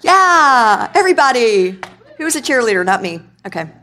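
A woman preacher giving a sermon in a conversational, animated way, asking the congregation questions. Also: fairly high pitch, moderate pace. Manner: conversational, animated, quizzes the audience.

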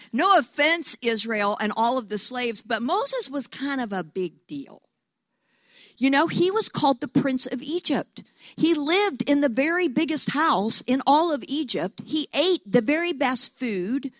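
A woman preaches in a high, bright register, telling her story with animated energy and often doubling back on her words. She acts out the voices in her quotes. The sound is dry, with no room echo. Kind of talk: sermon.

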